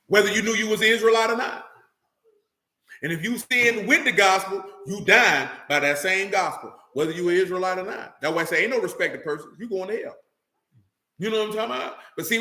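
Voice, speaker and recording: A man, preaching a sermon, reading scripture slowly and asking rhetorical questions. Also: high-pitched, bright, forceful tone. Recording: echoey room with faint noise.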